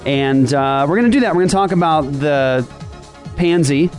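A man's voice: on the high side, normal speed, faint music behind. A man hosting a ministry podcast, casual and rambling with sarcastic jokes. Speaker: podcast host. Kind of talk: casual ministry talk show.

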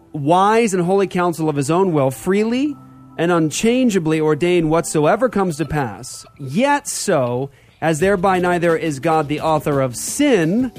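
A man hosting a church talk show, teaching theology in an emphatic style and repeating key phrases. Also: on the high side.

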